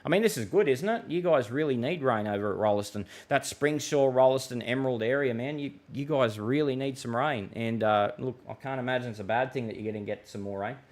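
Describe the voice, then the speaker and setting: A man's voice: medium pitch, fairly quick, few pauses, a little mellow. A middle-aged Australian man hosting a live weather stream, chatting loosely with viewers and rambling through many fillers and restarts. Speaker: weather livestream host. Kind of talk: casual live chat reading viewer comments.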